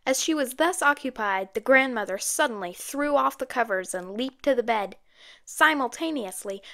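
Woman audiobook narrator, steady and measured, slightly high voice.

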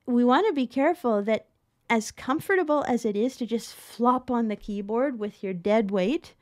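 A middle-aged woman teaching piano in a chatty, expressive way, often laughing as she explains. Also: a little high. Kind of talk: casual spoken tutorial.

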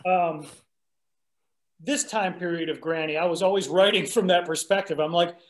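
A man's voice: sits high, fairly even intonation, normal speed. A man, a musician guest, chatting casually in an interview and laughing often. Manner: laid-back, laughs often. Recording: roomy echoey sound.

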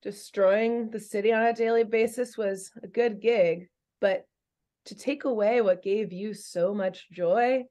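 A woman voicing a smug, villainous male cartoon monkey, gloating in a soft voice. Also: mid-range voice, steady tone, measured pace, lightly acted.

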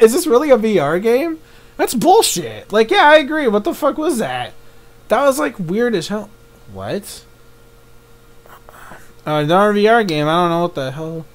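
A young man giving live reaction commentary, excitable, thinking aloud and swearing often. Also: high voice, unhurried, pauses often. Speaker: YouTube reaction host.

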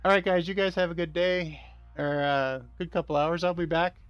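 A man's voice: fairly high pitch, steady tone, moderate pace, clear, resonant tone, no echo, dull audio. A man hosting a casual gaming stream on a headset, greeting viewers by name and laughing often.

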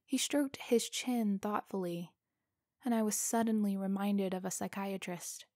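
A woman narrating a scripted first-person story in a slow, deliberate, suspenseful way. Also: mid-range voice, darkish tone, dry recording, clean studio sound.

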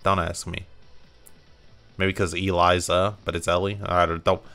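Young male let's player, joking and profane, low pitch, bright animated voice. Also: a little slow, vocal fry, soft background music. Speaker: gamer. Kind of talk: let's play commentary.

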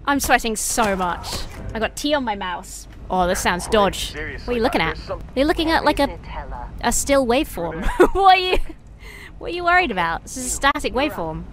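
A young woman streaming games, excitable, often laughing and yelping. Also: on the high side, moderate pace, a crowd in the background. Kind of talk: gaming livestream commentary.

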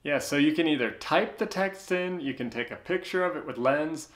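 A man's voice: fairly high pitch, moderate pace. A man with an American accent hosting a tech tutorial, explaining casually and talking straight to viewers. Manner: relaxed, chatty, talks straight to viewers.

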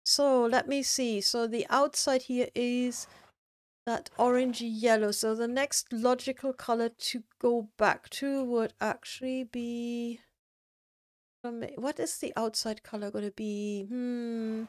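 A woman's voice: a little high, steady tone, takes it slowly, no echo. A woman streaming a building game, chatting casually with viewers and thinking aloud with lots of fillers. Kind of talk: casual live-stream chat.

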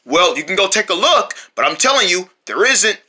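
A patient store clerk, as a performer puts him on lays out the facts in a plain, explaining way. The voice is bright and moves a lot in pitch. It is a homemade comedy skit. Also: big pitch swings, moderate pace, slightly rough, full character voice. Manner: explaining, matter-of-fact.

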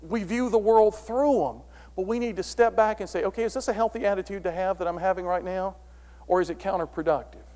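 A man's voice: high-pitched, fairly quick. A middle-aged man giving a motivational philosophy talk to an audience, telling stories and acting out the dialogue. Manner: animated storyteller, acts out dialogue. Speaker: philosophy speaker. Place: large room before an audience. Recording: long hall reverb.

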